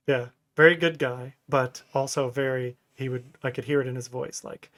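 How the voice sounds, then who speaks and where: A man's voice: mid-range voice, fairly even intonation, moderate pace, hardly any pauses, fairly bright tone. A man in his thirties, co-hosting a casual podcast chat, who tells rambling stories and laughs often. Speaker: podcast co-host.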